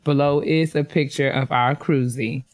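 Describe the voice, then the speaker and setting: A woman's voice: extremely low pitch, steady tone, moderate pace. A woman co-hosting a casual podcast, reading listener emails and congratulating graduates with easy laughter. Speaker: podcast co-host.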